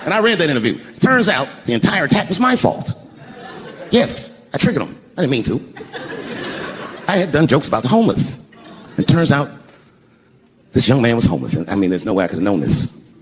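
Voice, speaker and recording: A middle-aged man doing stand-up storytelling on stage, shouting some punchlines high. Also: very animated, fairly quick, pauses often. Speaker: stand-up comedian. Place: stage before a live audience. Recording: noisy live stand-up room. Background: audience laughter.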